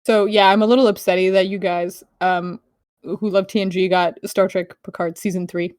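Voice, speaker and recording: A woman co-hosting a casual podcast chat, talking in a lively, quick way, laughing and swearing casually. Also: medium pitch, no room sound, studio quality. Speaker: podcast co-host.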